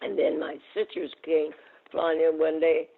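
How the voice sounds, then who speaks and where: A woman in her eighties from the United States, a guest telling animated stories in a casual interview. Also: low-pitched, unhurried. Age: 80s. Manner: animated storyteller, acts out quoted exchanges. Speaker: guest, masters sprinter. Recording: tinny phone-line audio.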